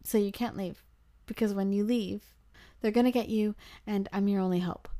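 A woman quoting a deadpan young German guy. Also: mid-range voice, normal speed, natural voice. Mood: serious. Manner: flat, serious, matter-of-fact delivery. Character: deadpan young German man posing as a spy.

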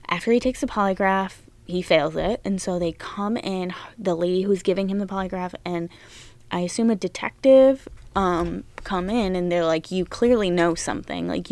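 A young woman hosting a casual true-crime podcast, chatty and animated, swearing often as she retells events. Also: mid-range voice, no echo. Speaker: podcast host.

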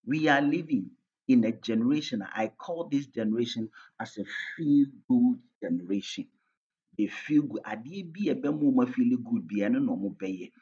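A Ghanaian-accented man preaches with a slightly husky, breathy voice at a middling pitch. He drives his points home emphatically, swinging between loud declarations and quieter asides. The recording is dull and lo-fi. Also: expressive, normal speed. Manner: emphatic preaching, switching between English and Twi, loudness rising and falling. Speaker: pastor. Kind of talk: sermon.

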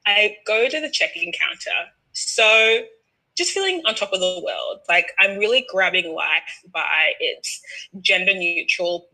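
Young Australian woman, animated storyteller, bright tone, average pitch. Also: measured pace, poor audio. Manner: lively, laughing, acts out quoted voices. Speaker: podcast guest. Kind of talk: casual storytelling.

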